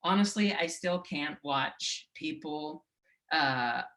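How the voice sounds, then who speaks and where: Woman, thirties, stand-up comic with a wry, deadpan delivery and a lowish voice. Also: takes it slowly, low-quality recording. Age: 30s. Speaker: stand-up comedian. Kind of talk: stand-up comedy set.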